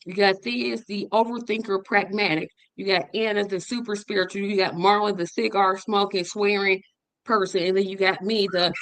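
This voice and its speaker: A woman hosting a memorial livestream, telling stories with animated, rising quotes. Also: moderate pace, dry recording. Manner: animated storytelling, voice jumps high when quoting. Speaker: podcast host. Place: online stream.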